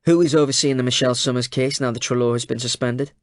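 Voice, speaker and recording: A man's voice: medium pitch, steady tone, fast, no echo, natural voice. A skeptical male journalist, played by a man. He presses with pointed, sardonic questions in a mid-range voice. The recording is dry with no room sound. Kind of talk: audiobook character voice.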